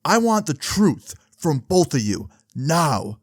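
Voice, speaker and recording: A man's voice: fairly high pitch, very animated, slow, no room sound, heavily acted. Man playing a stern, swearing older cop, dry close sound. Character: fed-up older male cop.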